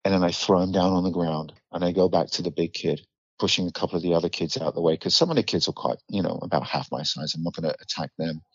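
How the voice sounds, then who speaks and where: A man's voice: sits low, fairly even intonation, quick pace, slightly rough, no room sound. A middle-aged man from the United Kingdom with a British accent, a podcast guest telling a story bluntly and vividly, swearing freely. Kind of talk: candid storytelling in a podcast interview. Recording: slightly dull dry recording.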